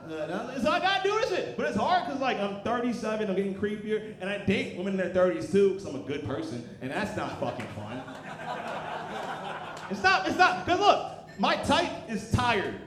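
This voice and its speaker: A man in his thirties performing a profane, animated stand-up comedy set on a club stage. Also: high-pitched, moderate pace. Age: 30s. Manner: animated, profane, loud punchlines. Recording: roomy live club recording with crowd. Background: audience laughter.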